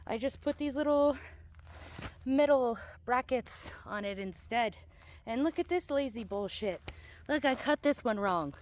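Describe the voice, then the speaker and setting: A woman's voice: fairly high pitch, expressive, unhurried. A young adult woman chatting casually in a vlog while working in her yard, rambling and swearing freely, a little out of breath, recorded on a handheld camera outdoors. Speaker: vlogger.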